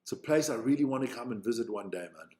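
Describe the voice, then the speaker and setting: This live-stream host is watching rugby and chatting loosely about it, voicing his thoughts and cursing without restraint in a South African accent. He's a fast talker with a warm, medium-pitched voice and lively intonation.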